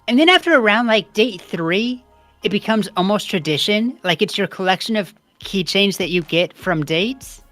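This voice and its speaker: Young woman rambling over a game stream, mid pitch voice, music playing faintly. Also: expressive, normal speed, fairly bright tone. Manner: rambling and chatty, reading game text aloud. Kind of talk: casual gameplay commentary.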